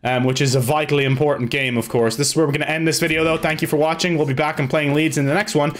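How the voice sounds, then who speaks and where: A young man giving loose live commentary on his own football video game, swearing and shouting at his players. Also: on the high side, fairly even intonation, fast. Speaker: gaming video creator.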